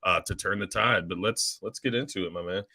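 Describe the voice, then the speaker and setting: A man's voice: deep voice, brisk, bright, forceful tone, dry recording. A man co-hosting a sports talk show, earnest and fan-like, often stammering into his points. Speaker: co-host of a sports podcast.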